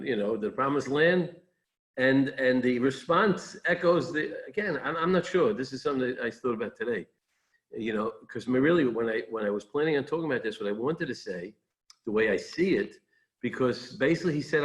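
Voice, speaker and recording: A man's voice: medium pitch, poor audio. A man giving an informal Torah talk as a rabbi, conversational and digressive, thinking aloud as he goes.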